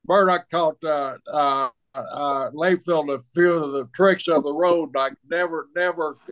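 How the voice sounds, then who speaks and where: A man's voice: fairly high pitch, a little slow, fairly bright tone, low-quality recording. Chuckling man reflecting casually. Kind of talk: casual chat.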